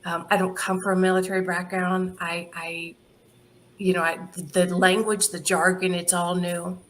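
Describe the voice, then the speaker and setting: Middle-aged lady guest telling stories, laughs a lot, acts out what folks said, bit of a low voice. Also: moderate pace, slight background noise. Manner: lively anecdotal, laughs often, acts out quoted dialogue. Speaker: charity founder guest. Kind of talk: casual interview storytelling.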